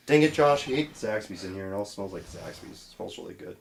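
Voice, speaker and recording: A man's voice: on the low side, expressive, fast talker, creaky, slight background noise. A young man co-hosting a gaming video, bantering casually, laughing often and hamming up the game's lines. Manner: laughs often, mock-dramatic voices for lines. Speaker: gaming channel co-host. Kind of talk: casual let's-play banter, reading game lines.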